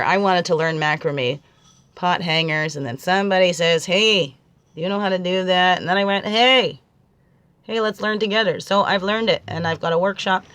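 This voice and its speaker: A woman acting as a spiritual guide and card reader. She muses softly during a livestream talk, often asks "right?", and swings from hushed tones to emphatic preaching. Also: lowish voice. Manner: soft-spoken, musing, often asking "right?".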